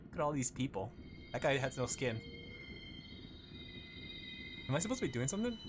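A man's voice: mid-range voice, sing-song, very fast, music in the background. A man streaming a game, chatting casually with his viewers and laughing often as he plays. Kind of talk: casual gaming commentary.

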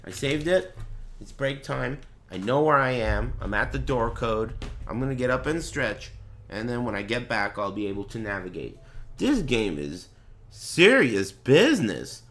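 A man's voice: mid-range voice, moderate pace, fairly bright tone, soft background music. A man playing a horror game, muttering directions to himself and swearing when something startles him. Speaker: gaming streamer. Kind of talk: let's play commentary.

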